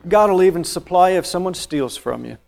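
Emphatic preacher man, slightly high voice. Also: expressive, a little fast, gravelly. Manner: emphatic, rising to loud stressed phrases then dropping low; reads and explains scripture verse by verse. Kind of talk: sermon.

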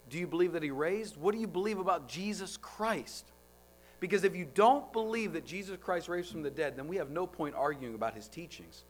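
A man with a slightly raised voice preaches a sermon with force. He stacks rhetorical questions and shifts from loud, driving lines to hushed ones. Soft music plays quietly behind him. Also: fairly high pitch.

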